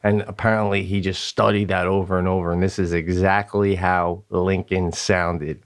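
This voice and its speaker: A man co-hosting a comedy podcast, telling stories in an excitable, animated way and laughing often. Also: low voice, moderate pace. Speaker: podcast co-host. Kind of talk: casual comedic chat.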